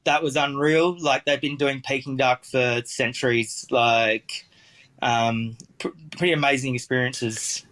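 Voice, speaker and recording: A man's voice: mid-range voice, steady tone, measured pace, fairly bright tone. A man with an Australian accent, a chef telling stories in a casual interview, rambling with lots of fillers and restarts.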